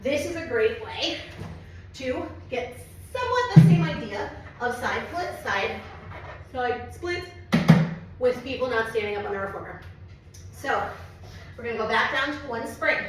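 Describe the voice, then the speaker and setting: Woman Pilates instructor, home tutorial, breathless and chatty, slightly high voice, echoey room, mic set back. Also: animated, unhurried, pauses often, recorded from a distance, a little hiss or hum. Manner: chatty, swears casually, talks to her cat. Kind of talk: casual home workout tutorial. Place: home studio with mirror.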